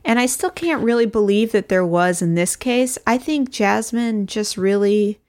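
A woman's voice: medium pitch, a little slow, a little mellow. Chatty woman recapping a show. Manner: chatty, laughs often, many fillers, quotes people in put-on voices. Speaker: podcast co-host. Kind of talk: casual chat recapping a reality show.

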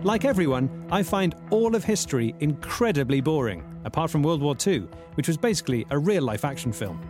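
A man narrating a comedy podcast investigation in an earnest, self-important, deadpan way. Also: on the high side, brisk, over music.

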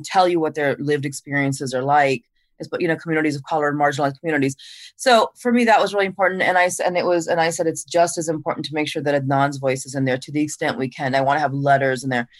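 Woman author talking earnestly, lowish voice, dry close sound. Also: dry recording. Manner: earnest, explains at length. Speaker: author and podcast guest. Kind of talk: casual interview conversation.

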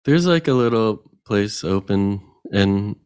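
A man's voice: on the low side, expressive, slow pace, a little mellow, smooth. A man co-hosting a comedy show, telling a rambling story in a laid-back way. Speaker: co-host. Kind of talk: casual comedy podcast banter.

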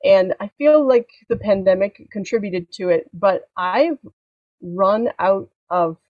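A woman's voice: mid-range voice, slow, dry recording, muffled recording. Wry frank mother in her forties. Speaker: podcast guest co-host. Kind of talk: casual chat.

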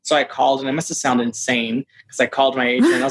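A man being interviewed as an actor, telling a story in a casual, animated way, full of "like" and "you know" and acting out what people said. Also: medium pitch, rapid-fire. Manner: animated, acts out quoted dialogue; frequent fillers like "like" and "you know". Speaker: actor guest.

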